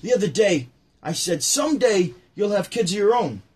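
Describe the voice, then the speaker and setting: A man doing an impression of a nervous, wisecracking older male stand-up comic, firing off setups and punchlines in quick succession. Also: high-pitched, big pitch swings, a little mellow, husky, voice pushed up, heavily acted. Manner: rapid-fire joke delivery, setup then punchline.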